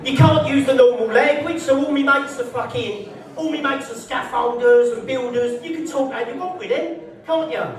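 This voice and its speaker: A man's voice: very high voice, normal speed, a crowd in the background. Man, stand-up comic, brash, sweary, very echoey room, heard from a distance. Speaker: stand-up comedian. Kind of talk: live stand-up set. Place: social club comedy night, indoors.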